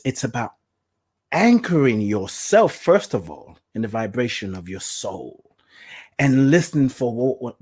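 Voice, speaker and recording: A man hosting his own podcast, speaking in an affirming, animated way, laughing often and dropping into soft asides. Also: medium pitch, husky. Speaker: podcast host. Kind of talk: solo podcast monologue.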